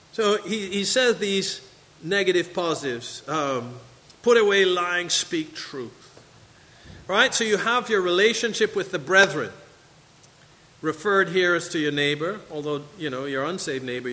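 A man's voice: fairly high pitch, pushed and bright, in a large hall, rough recording. A man preaching a sermon to his congregation, reading scripture and asking questions. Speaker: pastor. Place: church sanctuary.

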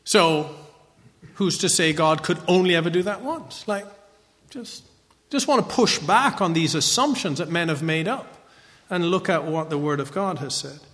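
A man's voice: fairly high pitch, lively intonation, normal speed, a bit bright, long reverb tail. A man giving a conversational Bible teaching lecture, often checking in with a rhetorical "right?".

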